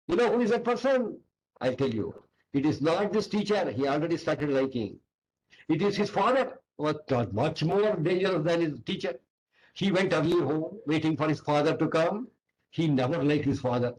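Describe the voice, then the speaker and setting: A man with an Indian English accent delivers a storytelling lecture in a fairly high voice. He tells an anecdote and acts out each character's lines along the way. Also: lively intonation, moderate pace, darkish tone, a little hiss or hum, low-quality recording. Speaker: seminar speaker.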